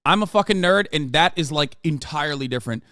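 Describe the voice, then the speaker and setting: A man's voice: a little high, animated, fast talker, bright, forceful tone, no echo, studio quality. A man hosting a live stream, reacting to a clip with casual, profane, mocking commentary.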